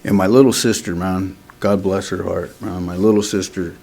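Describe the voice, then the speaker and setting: A man's voice: low-pitched, fairly even intonation, moderate pace, gravelly, a little mellow. A man speaking at a recovery meeting, telling his own story in a candid, street-casual way. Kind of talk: personal recovery testimony.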